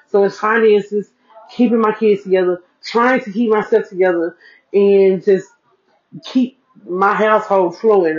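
Woman, solo podcast host, easygoing repetitive chat, mid-pitched voice, muffled lo-fi mic. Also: a little mellow. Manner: chatty, repeats herself for emphasis, addresses listeners as y'all. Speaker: podcast host, single mom. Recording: dull lo-fi recording.

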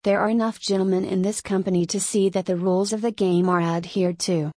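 A woman's voice: medium pitch, steady tone, fairly quick, darkish tone, no room sound, clean studio sound, close to an everyday voice. A woman reading the lines of a stern male king who gives cold, authoritative orders in a storybook. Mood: commanding.

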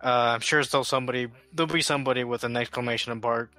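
A man's voice: medium pitch, fairly even intonation, fast talker, pushed and bright. A man playing a tabletop game, joking in an offhand way. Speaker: player. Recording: faint background music.

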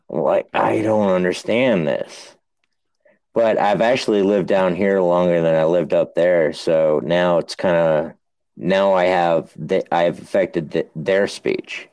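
A man's voice: sits low, fairly even intonation, takes it slowly, darkish tone, dry recording. A man from New Hampshire co-hosting a podcast in casual chat. He rambles, laughs often and swears freely. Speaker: podcast co-host.

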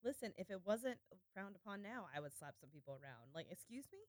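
A woman co-hosting a podcast, trading quick jokes in casual chat and wrapping up the episode. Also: medium pitch, big pitch swings, dry recording, studio quality. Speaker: podcast co-host.

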